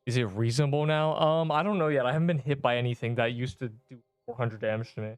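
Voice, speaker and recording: Young man streaming a game, smooth voice. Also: medium pitch, fast talker, no echo, soft background music. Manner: rambling, slangy, talks to chat while playing. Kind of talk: casual gaming livestream chat.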